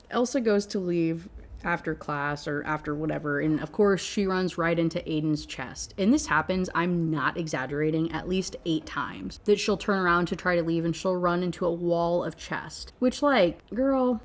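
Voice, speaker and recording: A woman giving an animated, sarcastic rant review of a novel, swearing freely as she goes. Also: fairly low pitch, normal speed. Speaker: book reviewer. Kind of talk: ranting book review.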